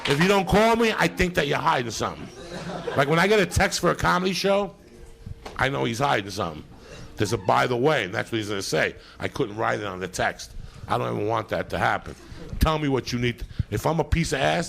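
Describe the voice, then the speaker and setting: A middle-aged male comedian hosting a live podcast from a comedy club stage, ranting in a profane, animated storytelling style. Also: mid-range voice, a little fast, creaky, slight background noise. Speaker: comedian host. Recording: live club recording, loud crowd laughter.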